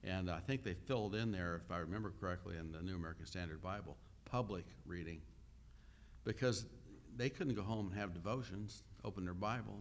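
Male pastor, lower voice, unhurried conversational sermon with many pauses. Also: a little hiss or hum. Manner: unhurried teaching with frequent "uh" pauses; conversational, asks the listeners questions.

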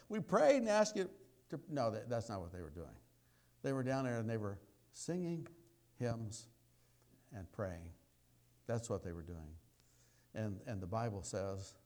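A man preaching a sermon, telling a story in a folksy way, dropping to quiet asides and rising to loud exclamations. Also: fairly low pitch.

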